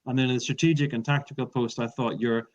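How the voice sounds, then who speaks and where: The quick-paced, mid-range voice of a speaking coach comes through a dull, lo-fi recording. He keeps his intonation fairly even while giving interview feedback and illustrating points with emphatic examples.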